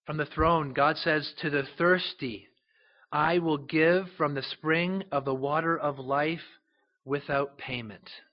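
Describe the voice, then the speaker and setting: A man preaching a sermon as a pastor, emphatic and slowing down to stress scripture. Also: fairly high pitch, fairly even intonation, muffled recording.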